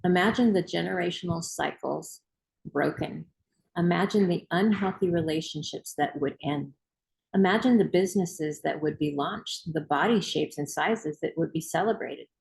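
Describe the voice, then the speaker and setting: A woman's voice: fairly low pitch, moderate pace, creaky, darkish tone, low-quality recording. A woman hosting a book club, reading aloud and giving an emphatic, rousing motivational talk.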